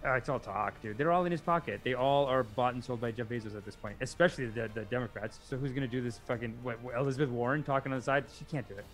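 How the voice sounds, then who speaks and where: A man's voice: mid-range voice, fast, few pauses, soft background music. A man co-hosting a casual political chat, blunt, dismissive and swearing freely. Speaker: podcast co-host.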